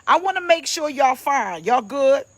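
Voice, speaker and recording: Woman pastor, raised pitch, dry close sound, chatty livestream preaching. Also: expressive, measured pace, no echo. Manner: playful, chatty, greets viewers by name. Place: at home.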